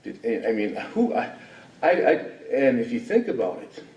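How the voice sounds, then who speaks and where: Indignant man with a lively voice. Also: mid-range voice, moderate pace, dull audio. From Wisconsin. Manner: rambling, indignant, full of rhetorical questions. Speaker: resident giving public comment. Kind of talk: unscripted public hearing comment. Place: public hearing room. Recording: echoey hall from far off.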